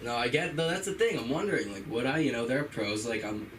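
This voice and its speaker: A man's voice: mid-range voice, fast, a bit bright, a little hiss or hum. A young man doing a stand-up set, rambling and self-deprecating, with lots of filler words. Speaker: stand-up comic. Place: small comedy club. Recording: open mic from far off, crowd.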